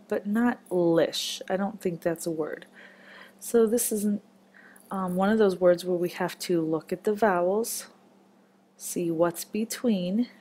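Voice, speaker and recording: A woman's voice: lowish voice, warm tone. A woman teaching a children's phonics lesson, patient and encouraging as she marks words step by step.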